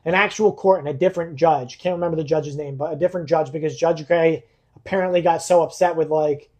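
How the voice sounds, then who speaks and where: A man guest on a podcast, earnestly telling a personal story in a halting way, with fillers and restarts. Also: on the high side, fairly even intonation, a little mellow, highs cut off.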